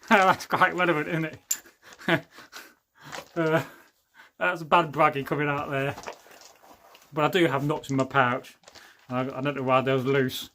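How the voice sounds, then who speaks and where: A middle-aged man hosts a relaxed livestream, reading comments aloud and wandering off into jokey stories. His voice sits a little higher than most men's, and he laughs often as he talks. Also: slight background noise. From England. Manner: chatty, jokey, laughs often, rambling asides. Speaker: livestream host.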